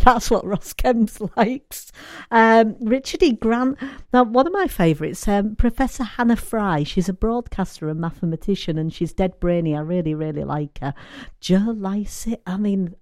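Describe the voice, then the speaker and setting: A woman presenting a chatty radio show, bubbly, with her voice rising as she gets excited. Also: lowish voice, dry recording, studio quality. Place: radio studio. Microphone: studio microphone.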